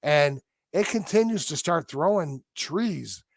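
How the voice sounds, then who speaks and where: A man with a gravelly, fairly high voice tells a story as a podcast guest. He acts out the sounds himself and keeps it vivid. The sound is dry and close. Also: animated, slow, no room sound.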